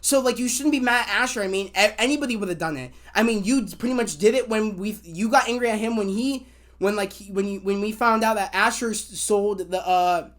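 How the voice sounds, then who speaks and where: A woman's voice: medium pitch, fairly quick. A woman reviewing a TV episode in a casual spoiler rant, rambling with many fillers and restarts, swearing when annoyed. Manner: excitable, acts out quotes. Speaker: TV show reviewer.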